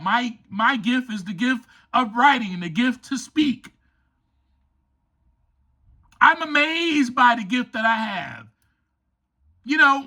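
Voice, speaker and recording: A man's voice: extremely high pitch, sharp tone. A man hosting a motivational podcast, speaking emphatically and enthusiastically and addressing listeners as friends. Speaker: podcast host and author.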